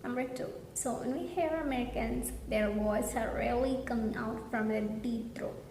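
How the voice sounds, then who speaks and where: A woman's voice: a little high, over loud music. Woman teaching pronunciation in an echoey room. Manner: earnest, slow demonstrating of example words. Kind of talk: casual pronunciation lesson. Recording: echoey room with faint background hum.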